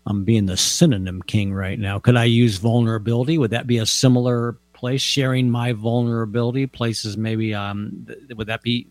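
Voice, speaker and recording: A man's voice: medium pitch, little pitch movement, normal speed, few pauses, darkish tone, no echo. A man co-hosting a conversation about relationships, asking questions hesitantly and searching for words. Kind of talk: casual chat.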